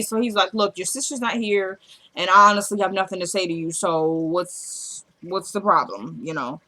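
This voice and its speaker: A woman's voice: mid-range voice, moderate pace, a bit bright. A woman casually recapping a TV drama episode, acting out the characters' lines as she retells each scene. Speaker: show recapper.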